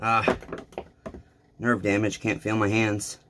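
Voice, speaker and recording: A man's voice: lowish voice, very noisy. A man talking casually to his viewers while he repairs a chainsaw, blunt and self-deprecating, with rambling asides. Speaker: small engine repair vlogger.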